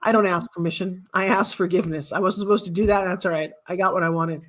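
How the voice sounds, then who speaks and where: A woman's voice: on the low side, fairly even intonation, fast talker. A woman in her sixties telling motivational stories with emphatic, repetitive phrasing. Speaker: guest author. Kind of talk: motivational storytelling.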